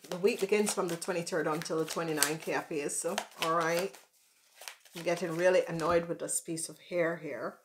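A woman's voice: on the low side, noisy background. A woman doing a casual tarot reading for her viewers, chatty and playful, rambling with fillers and calling them by pet names. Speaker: tarot reader.

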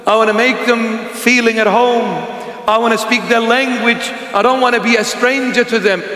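A man's voice: extremely high pitch, fairly even intonation, normal speed, sharp tone, echoey room, in a large hall. A man preaching a humorous sermon to young people, teasing his listeners and chuckling between points.

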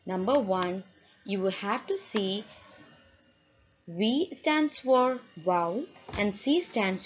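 A woman teacher speaks slowly and deliberately, leading a classroom lesson for children. She keeps quizzing her pupils with repeated questions. The recording sounds dull and lo-fi. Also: mid-range voice.

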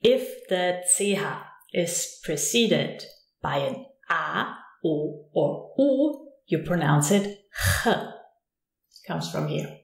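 A woman teaches a recorded lesson at a slow, unhurried pace. She explains patiently, stopping to say each example word and then repeat it. Her slightly low voice rings in a roomy, echoey space. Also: vocal fry. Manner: calm, patient explanation that stops often to say example words slowly and repeat them. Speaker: language teacher.

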